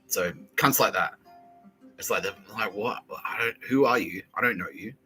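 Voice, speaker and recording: A man's voice: fairly low pitch, moderate pace, sharp tone, faint music behind, poor audio. A man with an Australian accent hosting a rambling, profane comedy podcast, laughing at his own jokes and slipping into mock voices for bits. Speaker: podcast host.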